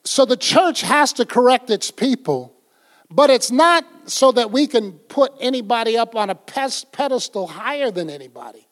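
A man's voice: very high voice, very animated, moderate pace. An older man preaching a folksy, conversational sermon, acting out little scenes as he goes. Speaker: pastor.

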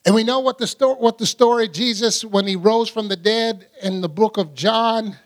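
Male preacher, high-pitched, casual teaching tone, acts out the stories. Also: normal speed. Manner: chatty, laughs often, acts out scenes. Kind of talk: conversational Bible teaching.

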